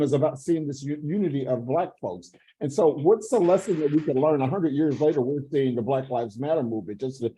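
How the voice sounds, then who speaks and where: A man's voice: medium pitch, warm tone, husky, poor audio. A man on a panel talking in a rambling way with many fillers over a video call. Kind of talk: panel discussion.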